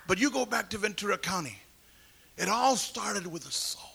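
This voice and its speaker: Man, preaching a personal testimony; high, gravelly, husky voice. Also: animated, moderate pace. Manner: storytelling, acts out voices, builds to shouts. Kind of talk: sermon testimony.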